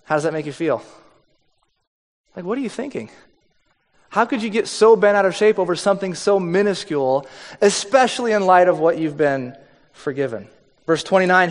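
A man preaches in a loose, conversational style, reading scripture aloud and acting out the lines. His voice sits high for a man, and it rings with a long hall reverb. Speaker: pastor.

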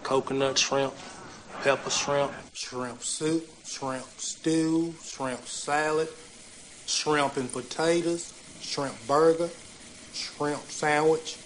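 An actor playing an earnest, slow-spoken young man who lists things in a flat, steady way. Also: fairly high pitch, slight background noise. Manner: slow, flat listing delivery. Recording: film clip with ambience behind.

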